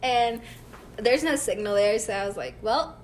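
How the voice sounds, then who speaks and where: A woman's voice: medium pitch, moderate pace, a little hiss or hum. A woman telling a story in casual chat, acting out quotes and laughing often.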